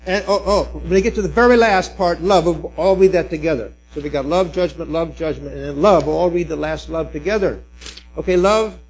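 Man teaching a Bible class, higher voice. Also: a little fast, hardly any pauses, slight background noise, poor audio. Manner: instructive, directing the group, with restarts and fillers. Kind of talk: leading a group Bible study.

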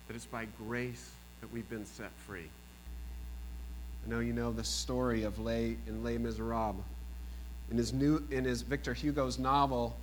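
A man over forty preaching a sermon as pastor, swinging between emphatic peaks and low, quiet lines. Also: rough recording. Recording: faint mains hum.

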